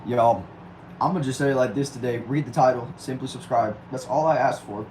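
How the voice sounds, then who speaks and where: A man's voice: mid-range voice, brisk, a little mellow, a little hiss or hum, poor audio. A young man from Texas, hosting a casual livestream and answering viewer comments aloud. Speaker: livestream host.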